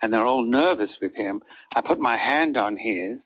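An older man, an actor guest in an interview, telling reflective stories in an earnest, halting way with many restarts. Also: medium pitch, expressive. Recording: dull lo-fi audio.

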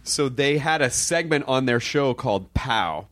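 A man from the United States hosts a relaxed chat, his voice rising and falling a lot as he tells stories. He laughs often and keeps the talk light and casual. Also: medium pitch, measured pace. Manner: animated storyteller, laughs often. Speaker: podcast host. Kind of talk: casual conversational interview.

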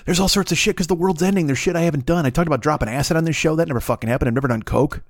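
A man's voice: a little high, very fast, no echo, studio quality. A man delivering a crude, rambling comedic monologue as a podcast host, swearing constantly and slipping into songs and voices. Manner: profane, rambling, bursts into singing and put-on voices.

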